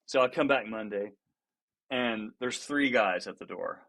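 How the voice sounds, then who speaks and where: A man's voice: on the low side, unhurried. A man, a guest musician on a podcast, telling stories in casual talk, laughing often and restarting his sentences. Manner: lively storyteller who acts out what others said. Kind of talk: casual storytelling in a podcast interview.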